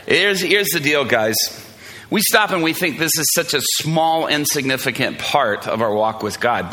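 A man's voice: medium pitch, bright, forceful tone. A man in his forties preaching a sermon, telling stories with jokes, fillers and restarts. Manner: storytelling, joking, self-deprecating, many fillers and restarts. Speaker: pastor.

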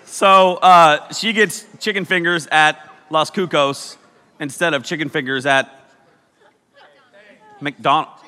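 A man's voice: fairly high pitch, steady tone, takes it slowly, long pauses, sharp tone, smooth. A young man preaching a comedic sermon as youth pastor, joking and teasing the crowd in a church hall. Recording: long hall reverb.

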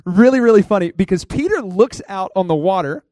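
A male pastor preaching a lively sermon in a conversational way, laughing often and asking the listeners questions. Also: high-pitched, brisk, dry recording, clean studio sound. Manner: conversational, asks the crowd questions.

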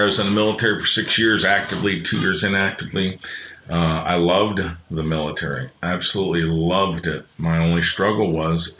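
A man's voice: deep voice, fairly bright tone. A middle-aged man, a podcast guest, telling earnest personal stories with many restarts. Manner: earnest, rambling with frequent restarts. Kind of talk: reflective personal storytelling. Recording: roomy, slightly muffled sound.

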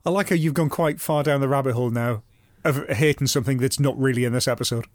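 A man's voice: medium pitch, quick pace, no room sound, clean studio sound. A man hosting a podcast, moving between scripted narration and wry, lightly sweary chat. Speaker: podcast host.

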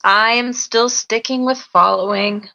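A woman's voice: a little high, steady tone, unhurried, pushed and bright, muffled recording. A woman on a casual movie podcast, brief and wry in her picks. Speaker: podcast panelist. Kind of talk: casual chat.

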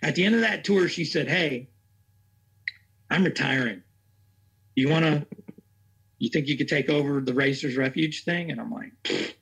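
A man's voice: fairly high pitch, moderate pace, creaky, long pauses, fairly bright tone, breathy edge. A man working as a racing chaplain, telling his story in an interview in a rambling, earnest way and acting out what others said. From Tennessee.

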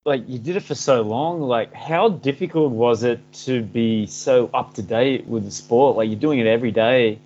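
A man's voice: mid-range voice, a little mellow, a little hiss or hum. An Australian man hosting a podcast interview, asking questions and giving short listening replies. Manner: unhurried, short listening backchannels. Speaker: podcast host. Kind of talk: casual interview. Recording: slightly dull podcast audio.

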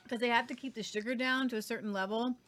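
A woman's voice: a little high, steady tone, fast talker, fairly bright tone. A woman co-hosting a casual chat, rambling about chocolates with many fillers. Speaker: co-host.

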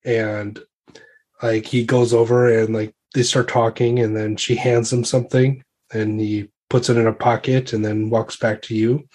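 Husky rambling male game master. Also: medium pitch, level tone, unhurried, a little mellow. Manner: loose and rambling, full of likes and ums. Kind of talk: narrating a tabletop game.

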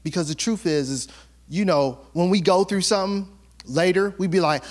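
Lively high-voiced pastor preaching casually. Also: male voice, moderate pace. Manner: conversational, playful, acts out quotes, laughs often. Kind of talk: sermon.

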